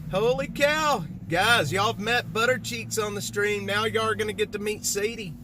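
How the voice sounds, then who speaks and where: A man's voice: high voice, fairly even intonation, moderate pace, background noise. A man, live-streaming from beside his broken-down car in the cold, joking with viewers and sounding exasperated. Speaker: livestream host. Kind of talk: casual live-stream chat.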